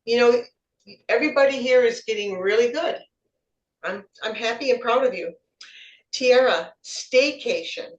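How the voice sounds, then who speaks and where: This woman's voice is a little high, and she speaks unhurriedly with frequent pauses. Serving as table topics evaluator, she gives encouraging feedback on impromptu club speeches, often repeating words to find her phrasing. The mic is distant, the room echoey, and the highs are cut off.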